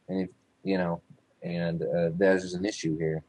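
A man's voice: low-pitched, level tone, a little slow, darkish tone, poor audio. A man in casual chat, rambling with lots of fillers and frequent swearing.

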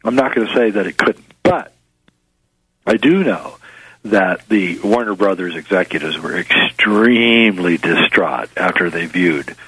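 A man's voice: low voice, expressive, measured pace, sharp tone, slightly rough, no echo, poor audio. A man being interviewed as a guest filmmaker, musing and hesitant, with many fillers. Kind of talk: interview conversation.

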